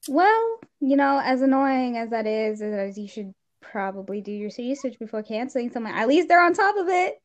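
A teenage girl in casual chat, animated, with quick asides and expressive exclamations. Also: fairly high pitch. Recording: dull lo-fi sound.

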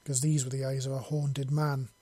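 A man reads a science fiction story aloud at a steady, even pace. His voice is husky and mellow, with very little rise and fall. The recording is close and dry. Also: mid-range voice, moderate pace, dry recording. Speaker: audiobook reader. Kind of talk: story narration.

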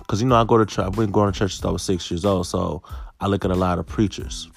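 A man's voice: low voice, fairly even intonation, fast talker, vocal fry, faint music behind. A middle-aged man doing stand-up comedy, talking conversationally and punctuating bits with "okay.". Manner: conversational, keeps saying okay.

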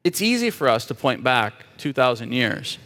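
A man's voice: medium pitch, sing-song, normal speed, fairly bright tone, long reverb tail. A man preaching a sermon as a pastor, emphatic and asking the audience rhetorical questions.

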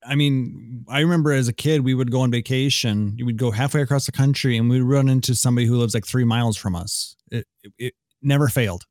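A man who hosts a show, chatting earnestly and speaking warmly about the community. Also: mid-range voice, fast talker, dry recording, clean studio sound. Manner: earnest, warm praise for the community. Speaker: guest podcast host. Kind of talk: casual chat.

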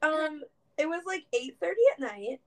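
A young woman with a high voice tells a story in a loose, chatty way. Her talk is full of "like" and small restarts, as in a casual podcast chat between friends. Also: animated, moderate pace. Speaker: podcast co-host.

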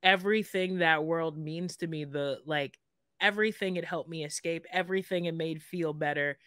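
A podcast guest telling rambling, emotional stories in casual chat. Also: male voice, a little high, normal speed, sharp tone, clear, resonant tone, dry recording, studio quality. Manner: emotional, rambling storyteller with many fillers.

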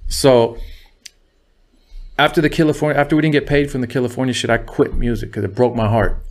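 A man talks through old stories as a guest in a loose, easygoing way. He swears freely and keeps checking in with his listener. His voice sits at an ordinary middle pitch. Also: fairly even intonation, brisk. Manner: laid-back, profane, full of "you know what I mean". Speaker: guest, music producer. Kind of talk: casual storytelling.

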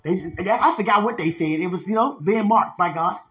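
An evangelist podcast host telling mission stories in excited preaching testimony, laughing often, repeating phrases and using street slang. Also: mid-range voice, brisk, soft background music. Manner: uses slang and street talk.

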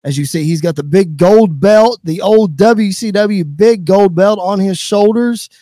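A man narrating an imagined wrestling show in an excitable play-by-play announcer's manner. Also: sits high, a little slow, no echo, studio quality.

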